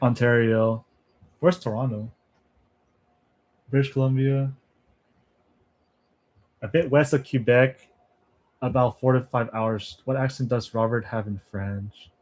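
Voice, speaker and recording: A man chats loosely with his viewers on a livestream, often breaking into laughter. His talk wanders, with half-finished thoughts and quick asides. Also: mid-range voice, steady tone, a little mellow. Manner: chatty, laughs often, thinks aloud with trailing asides. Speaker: language-learning streamer. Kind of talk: casual livestream chat with viewers.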